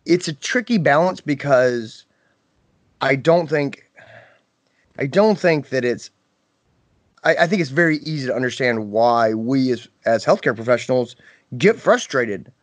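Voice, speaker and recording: A man's voice: medium pitch, expressive, measured pace, pauses often, dry recording. A man co-hosting a veterinary podcast, speaking reflectively in casual conversation and often restarting his sentences. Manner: reflective, hesitant, with many restarts.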